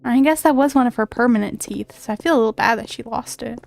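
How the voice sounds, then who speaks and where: A woman's voice: fairly high pitch, quick pace, vocal fry, a little hiss or hum. A woman streaming a video game, talking in chatty, rambling casual commentary full of fillers.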